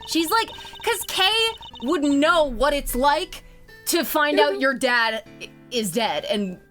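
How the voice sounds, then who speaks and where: A woman streaming a video game, reacting with giggly, animated commentary. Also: sits high, takes it slowly, faint music behind. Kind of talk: let's play commentary.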